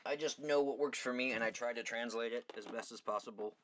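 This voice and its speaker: A man's voice: medium pitch, fairly quick, noisy background. A young man hosting a casual beading lesson, rambling and chatty with a self-deprecating streak. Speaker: beading tutorial host. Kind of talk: casual livestream craft lesson.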